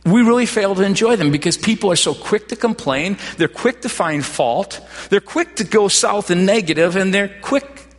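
In a large hall, a male pastor with a high, animated voice preaches at a moderate pace with few pauses. His sermon feels like chatty storytelling, and he keeps restarting his phrases.

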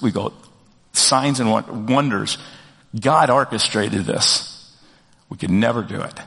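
Preaching a sermon with plenty of rhetorical questions, this pastor uses a conversational style and a gravelly, mid-range voice with a fairly bright tone. A large hall adds long reverb to the recording.

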